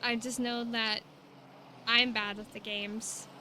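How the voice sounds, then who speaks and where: A woman's voice: fairly high pitch, level tone, slow, sharp tone, a little hiss or hum. A young woman, chatting casually and rambling to her stream viewers.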